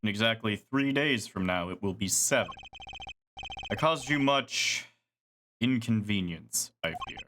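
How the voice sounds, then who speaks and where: A man's voice: lowish voice, animated, a little slow, noisy background. A man voicing a mysterious male stage magician in disguise, reading the lines in a grave, theatrical, formal way. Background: game music.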